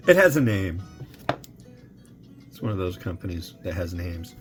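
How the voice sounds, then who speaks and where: Slow and sing-song, a low-pitched man rambles to his audience as he prepares and samples instant noodles. Soft music plays underneath his easygoing review chat.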